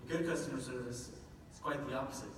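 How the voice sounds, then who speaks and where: A man's voice: medium pitch, fairly even intonation, fast, fairly bright tone. Brief: an earnest male speaker in a long-reverb hall, faint room noise behind. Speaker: public speaker from a government office. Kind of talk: prepared public talk. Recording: echoey hall from far off.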